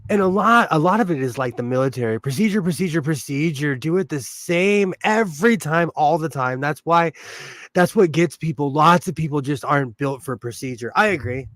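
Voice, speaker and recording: A man's voice: a little high, expressive, brisk, a bit bright, no echo. A man hosting a casual sewing livestream, chatting, laughing often and reading viewer comments aloud. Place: home sewing room.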